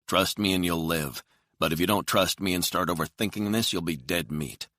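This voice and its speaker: A man voicing a cool, controlled hired killer who speaks calmly and quietly threatens, in a deep voice. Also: normal speed, no room sound, studio quality. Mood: cold.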